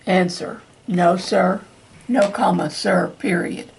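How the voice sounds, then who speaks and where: A woman reading a question-and-answer transcript aloud as dictation practice, speaking every punctuation mark in a slow, deliberate, even way. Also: fairly low pitch, creaky, a little hiss or hum. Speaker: dictation reader for court reporting practice.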